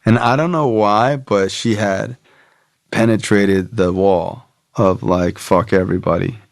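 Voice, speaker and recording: A man's voice: on the low side, slow, no echo, clean studio sound. A man, a podcast guest, telling a personal story casually, rambling with many filler words.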